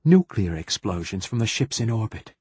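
A man's voice: fairly low pitch, big pitch swings, moderate pace, darkish tone, breathy edge, no echo, full character voice. A man voicing a grave male Templar priest of a sacred tree, urgent and strained in an audiobook. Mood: whispered.

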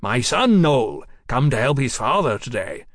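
Guy putting on a pompous witty curator, bit raised and loud, dry close audio. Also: mid-range voice, very animated, a little slow, no room sound. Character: magisterial, orotund male museum curator, middle-aged.

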